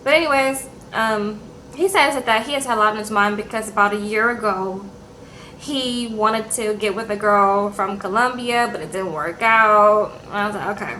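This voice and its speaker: A young woman recapping reality TV episodes in a sassy, animated vlog chat, acting out people's lines. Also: mid-range voice, moderate pace, a little hiss or hum, low-quality recording. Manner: sassy, animated, acts out quotes in put-on voices.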